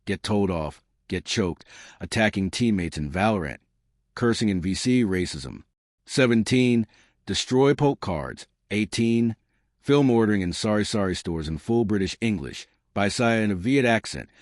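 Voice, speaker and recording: A man's voice: on the low side, lively intonation, normal speed, no echo, clean studio sound. A man hosting his channel, speaking in a disjointed monologue that jumps between tips and numbered lists. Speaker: channel host.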